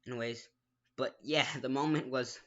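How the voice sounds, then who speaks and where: A man's voice: medium pitch, fairly even intonation, moderate pace, bright, forceful tone, highs cut off. A man telling a personal story in a casual, rambling way, restarting sentences, making his own mouth sound effects and often apologizing. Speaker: gaming vlogger.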